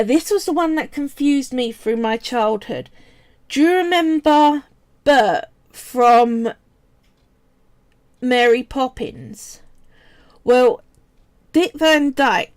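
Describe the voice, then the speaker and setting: Chatty Cockney woman, slow and high. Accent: Cockney, East London. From England. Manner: chatty, wanders off on tangents, answers chat. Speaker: polymer clay artist streaming live. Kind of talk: casual live-stream chat while sculpting.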